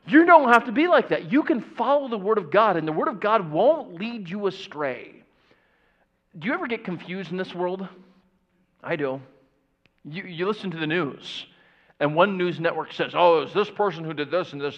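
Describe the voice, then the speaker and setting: A man preaching a sermon to a church audience, animated and engaging, asking them questions and putting on the voices of doubters. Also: high voice, moderate pace, long reverb tail. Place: church sanctuary. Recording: dull, muffled church audio recording.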